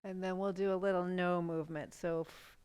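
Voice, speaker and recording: A middle-aged woman guides a chair yoga class in a calm, gentle way, mixing slow cues for breath and stretches with easy, chatty asides. Her voice sits a little low. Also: clean tone. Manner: calm, gentle cueing with casual asides and yawns.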